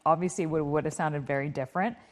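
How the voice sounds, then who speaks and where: A woman in her forties from Canada, co-hosting a podcast in relaxed, chatty conversation. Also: low-pitched, fast talker. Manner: relaxed, chatty, filler-heavy. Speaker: podcast co-host. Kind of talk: casual podcast chat.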